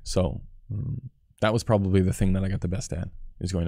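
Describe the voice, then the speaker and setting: Profane, candid man with a dark voice. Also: deep voice, brisk, creaky, dry recording, studio quality. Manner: candid, profane, self-critical; answers viewer chat questions. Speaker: cinematographer hosting a live stream. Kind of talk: casual live-stream talk.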